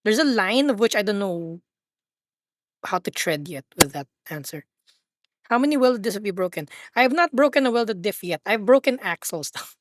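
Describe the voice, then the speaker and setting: A young woman streaming a driving game, excitable and swearing, laughing and talking to her chat. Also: mid-range voice, moderate pace, dry recording. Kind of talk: casual live-stream chat while gaming.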